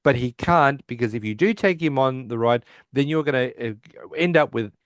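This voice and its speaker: Man, podcast co-host, chatty scene-by-scene recap, mid pitch, dry close sound. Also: normal speed, dry recording. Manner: retells scenes by acting out the lines, with many fillers and restarts. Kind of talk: casual episode recap.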